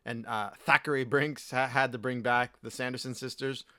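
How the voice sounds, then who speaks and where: Bright-voiced joking podcast host. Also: male voice, medium pitch, steady tone, moderate pace, no echo, clean studio sound. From US East Coast. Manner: joking, laughs often, rambling tangents. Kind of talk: casual podcast chat.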